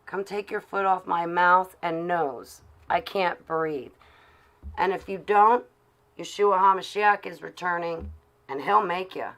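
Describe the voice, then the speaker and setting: A woman's voice: fairly low pitch, unhurried, fairly bright tone. A woman live-streaming to her chat from her car while driving, talking casually and sarcastically in a ranting way.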